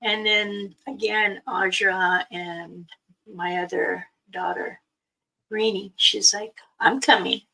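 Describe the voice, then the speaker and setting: Slow, bright-voiced woman storyteller. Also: mid-range voice, creaky. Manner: animated, acts out quoted dialogue, laughs often. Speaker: livestream host. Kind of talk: casual storytelling chat. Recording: voice a bit far from the mic.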